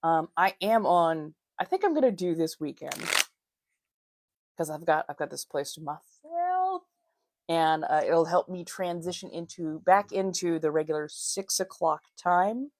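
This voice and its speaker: A woman's voice: low voice, sing-song, unhurried, noisy background. A woman hosting a casual livestream, chatting with viewers, laughing often and calling them darlings. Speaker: livestream host.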